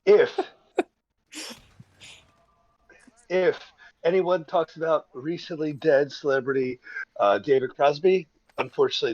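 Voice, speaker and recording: Podcast guy, kinda high voice, rambly and hesitant, dry dull mic. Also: expressive, unhurried, pauses often, a little mellow, no echo. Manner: rambling, hesitant, lots of ums. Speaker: podcast co-host. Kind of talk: casual podcast banter.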